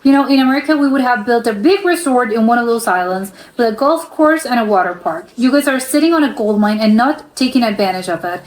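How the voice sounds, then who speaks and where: A woman's voice: a little high, animated, a little fast, hardly any pauses, echoey room, close to an everyday voice. A woman voicing a condescending female tourist.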